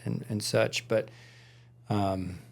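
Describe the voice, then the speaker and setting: A man's voice: fairly low pitch, fairly even intonation, slow pace, gravelly. A man co-hosting a podcast, casually telling a rambling story with lots of fillers in a studio. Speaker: podcast co-host. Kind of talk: casual chat.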